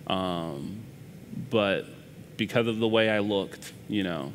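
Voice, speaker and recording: A man, a news reporter, earnestly telling a personal story in a conversation at church, halting and restarting his sentences. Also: lowish voice, a little hiss or hum.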